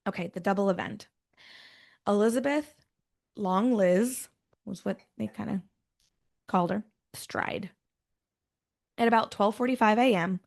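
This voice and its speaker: A woman with a mid-range voice and vocal fry hosts a true-crime podcast. She shifts between read-out narration and casual, offhand asides.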